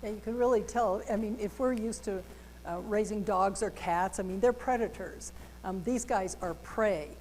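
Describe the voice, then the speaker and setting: A woman's voice: medium pitch, moderate pace, darkish tone. Storytelling woman, reverberant room, faint hum. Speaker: co-presenter. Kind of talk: community talk, anecdotes. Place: public library meeting room.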